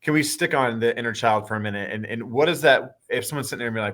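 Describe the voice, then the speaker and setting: A man with a Midwestern American accent hosting a casual live chat, asking quick conversational questions and keeping things on track. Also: medium pitch, background noise. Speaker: host.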